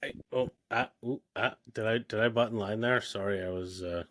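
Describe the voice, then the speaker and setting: A man's voice: fairly low pitch, brisk, a bit bright. A man co-hosting a sports podcast, rattling off his picks in casual chat with frequent "uh"s and hesitations. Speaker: podcast co-host.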